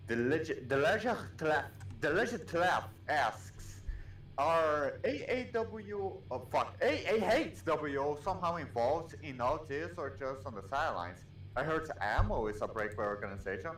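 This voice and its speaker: A man with a bouncy, animated voice reads chat questions aloud and trips over names. His voice rings in an echoey room with faint noise underneath. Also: a little high, normal speed. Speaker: co-host reading chat questions. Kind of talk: casual livestream chat.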